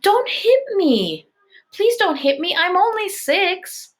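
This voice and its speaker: A woman reading aloud, voicing a whiny six-year-old boy who acts tough, in a high, tearful voice. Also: animated, measured pace, pushed and bright, heavily acted. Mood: crying, pleading.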